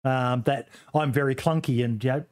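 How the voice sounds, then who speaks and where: This casual gaming podcast chat comes from a man whose medium-pitched voice is steady and a little mellow, moving at a normal speed. He rambles about games, swearing and restarting often, with plenty of fillers.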